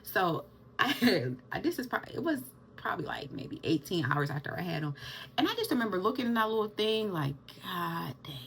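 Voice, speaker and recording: Gravelly-voiced woman vlogging. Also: medium pitch, a little fast, a little hiss or hum. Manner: animated, addresses viewers as y'all, Southern US slang. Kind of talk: casual storytelling to camera.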